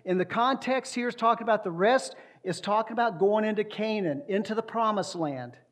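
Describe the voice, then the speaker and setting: A male pastor delivering a sermon with a fairly high voice. He leans hard on key words and repeats them for weight, then slips into reading scripture aloud. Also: fairly quick. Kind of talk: expository sermon.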